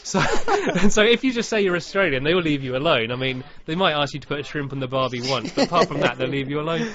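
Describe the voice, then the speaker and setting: A man's voice: a little high, expressive, quick pace, fairly bright tone. Playful British man hosting, lo-fi. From Britain. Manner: playful, joking, giggly. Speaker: podcast host. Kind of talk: casual chat. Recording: dull lo-fi audio.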